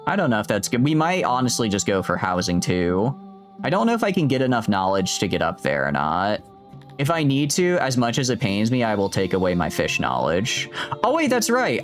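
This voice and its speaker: Guy streaming a game, low voice that bounces around a lot, jokey rambling, faint music behind. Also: sing-song, a little fast. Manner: rambling, jokey, talks to chat. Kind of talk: casual gameplay commentary.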